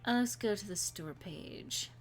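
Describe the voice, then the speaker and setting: A woman's voice: mid-range voice, unhurried, faint music behind. A woman streaming a game and chatting casually with a co-host and viewers, playful and full of fillers.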